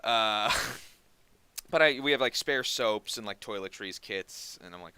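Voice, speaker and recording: A man's voice: fairly low pitch, expressive, unhurried, bright, forceful tone, clean tone, dry recording. A man hosting a podcast, telling a long story in a rambling way, often restarting his sentences. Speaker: podcast host. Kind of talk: casual podcast chat.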